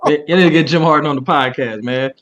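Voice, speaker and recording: A man's voice: a little high, fast, a bit bright, muffled recording. A man chatting as a podcast guest in a laid-back way, ending his lines with "man". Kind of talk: casual podcast banter.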